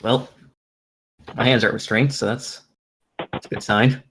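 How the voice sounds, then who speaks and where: A man's voice: mid-range voice, fairly even intonation, moderate pace, fairly bright tone, a little hiss or hum. A man playing a character in a tabletop game, talking casually and laughing with his group. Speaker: player.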